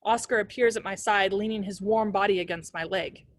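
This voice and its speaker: A woman's voice: medium pitch, brisk, no echo. A woman reading a novel aloud as a librarian, telling the first-person story expressively.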